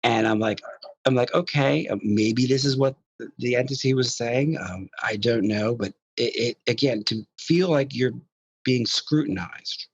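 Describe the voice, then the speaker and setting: A man's voice: medium pitch, measured pace, slightly rough, dry recording, lo-fi sound. A man telling his experiences in a casual interview, rambling with many restarts and repeated words. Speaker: guest describing contact experiences.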